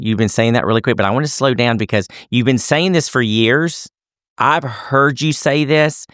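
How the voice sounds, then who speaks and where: A man's voice: mid-range voice, fairly bright tone, dry recording, clean studio sound. A man hosting an interview podcast, talking emphatically and repeating points to drive them home. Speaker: podcast host.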